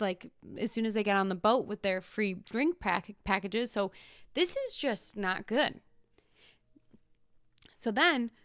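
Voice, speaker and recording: A young woman hosting a podcast, retelling a story in a casual, animated way with whispered asides. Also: on the high side, clear, resonant tone, no echo, studio quality. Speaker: podcast host.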